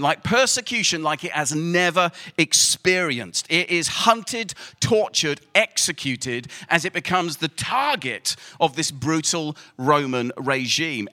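Bright, emphatic male preacher. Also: a little high. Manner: lively, emphatic, asks the audience to repeat words. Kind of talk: sermon. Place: hall with a live audience.

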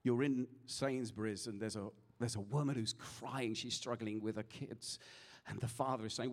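A man preaching a sermon in church, telling a story with animated energy and later speaking softly in prayer. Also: medium pitch, normal speed, few pauses.

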